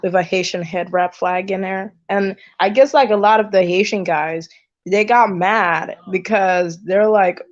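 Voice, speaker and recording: Brief: mid-pitched chatty woman, casual panel guest, muffled lo-fi sound. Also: steady tone, a little slow. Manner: chatty, uses "like" often. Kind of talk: casual storytelling. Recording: dull lo-fi audio.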